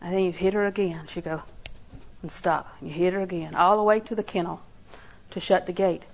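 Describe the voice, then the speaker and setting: In a rough recording, an older woman with a lowish voice preaches a sermon full of homey stories, speaking fairly quickly with fairly even intonation. Her storytelling is folksy, and she acts out small quotes and laughs along.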